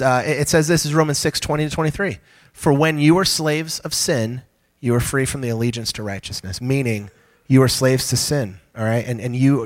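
A man's voice: medium pitch, fairly bright tone. A man preaching a sermon to a congregation, joking with the listeners and talking in a casual, conversational way. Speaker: pastor.

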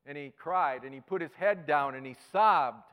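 A male pastor giving a sermon, telling a story with sudden swings between loud and hushed delivery. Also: on the high side, normal speed. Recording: long hall reverb.

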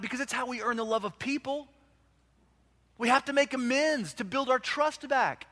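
A man preaching a sermon as pastor, impassioned, rising to loud urgent peaks and dropping to hushed quiet passages. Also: high-pitched.

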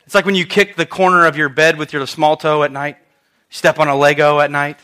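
A man preaching a sermon, telling a story with lively asides and questions to the congregation. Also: a little high, brisk, clear, resonant tone.

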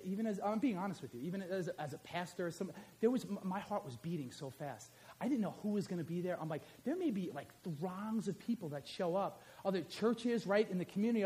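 A middle-aged man, pastor and teacher, preaching a sermon in a small church, talking straight to his congregation and telling a personal story. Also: high voice. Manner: animated, conversational, addresses congregation directly. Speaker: pastor and high school teacher.

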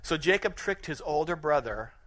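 A man preaching a sermon in an animated, conversational way, often chuckling at his own points. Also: on the high side, moderate pace. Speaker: pastor.

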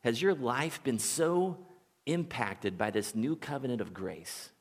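A man preaching a sermon as a pastor, relaxed and conversational, telling stories and chuckling now and then. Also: medium pitch, unhurried, in a large hall. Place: church sanctuary.

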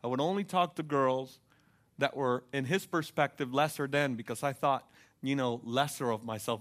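A young man preaching a fervent sermon, asking the congregation for responses and building to loud passages. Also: mid-range voice, normal speed. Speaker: pastor.

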